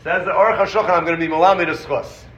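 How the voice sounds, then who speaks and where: A man teaching a Torah class, animated and quick, acting out the sources he quotes. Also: on the high side. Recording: roomy, dull audio with faint background noise.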